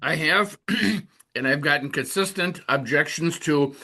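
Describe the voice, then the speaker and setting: Male sales agent, sharp bright tone, direct and persuasive. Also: on the high side, a little slow. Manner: blunt, persuasive, quotes clients. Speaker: insurance agent. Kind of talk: casual webinar discussion.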